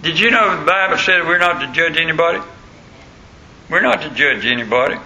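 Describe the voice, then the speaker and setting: A male pastor delivers an emphatic sermon, leaning on repeated phrases. His voice is gravelly and sharp, set a little high for a man. The sound carries a roomy echo. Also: animated, a little fast, slight background noise.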